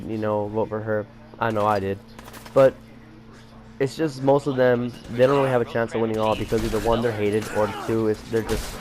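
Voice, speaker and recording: A man's voice: on the low side, a little mellow, a little hiss or hum. A teenage boy rambling through a story about his school day, with many fillers and restarts. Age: teens. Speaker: vlogger. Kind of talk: casual storytelling vlog.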